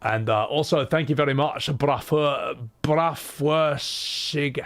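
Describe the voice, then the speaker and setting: A man's voice: a little high, slow pace, few pauses. A man streaming, chatting casually with his live chat and joking as he goes, swearing freely.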